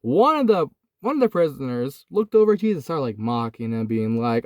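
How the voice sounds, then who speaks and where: A young man with a fairly high voice and big pitch swings talks fast, recorded cleanly in the studio with no echo. Filming inside a hot parked car, sweaty, overheated and teary from crying, he earnestly and casually retells a Bible story, saying "like" and "dude" a lot.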